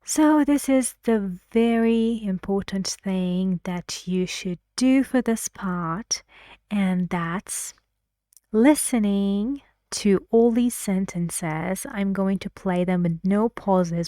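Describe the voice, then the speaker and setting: Woman pronunciation teacher: unhurried, encouraging, repeats words to model intonation; dry, close recording. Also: medium pitch, dark tone, no echo. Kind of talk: online pronunciation lesson.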